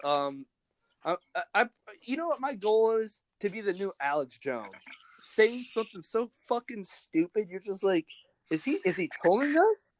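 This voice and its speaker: Rambling, profane young man, higher voice. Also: sing-song, normal speed, no echo. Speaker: podcast host. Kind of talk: casual chat.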